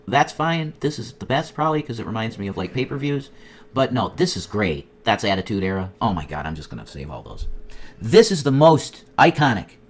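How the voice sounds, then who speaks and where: Excitable, foul-mouthed man rambling. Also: lowish voice. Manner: profane, excitable, nostalgic rambling; swings between loud outbursts and muttered asides. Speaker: streamer. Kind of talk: rambling casual livestream chat.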